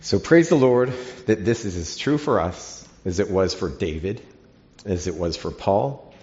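A man's voice: low voice, lively intonation, a little slow, darkish tone. A man preaching a sermon in an earnest teaching manner, reading scripture aloud to his listeners. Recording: dull lo-fi recording.

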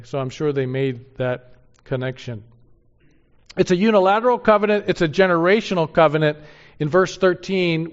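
A man teaching verse by verse through a Bible passage, his voice sitting a little higher than most. He slows down to read scripture with weight and turns to his listeners with rhetorical questions. The recording is muffled and lo-fi. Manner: reads scripture aloud slowly and emphatically, asks the audience rhetorical questions.

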